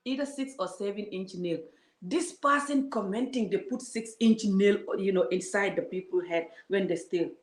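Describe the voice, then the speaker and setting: A woman's voice: mid-range voice, normal speed. Heated woman vlogger, roomy sound. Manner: heated, scolding, talks straight to viewers. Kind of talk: casual vlog rant to viewers. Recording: roomy echo.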